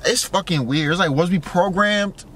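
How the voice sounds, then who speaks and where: High, bright-voiced young man musing aloud. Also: moderate pace, slight background noise. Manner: musing, full of fillers and profanity, wondering aloud. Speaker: vlogger. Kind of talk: casual rambling monologue.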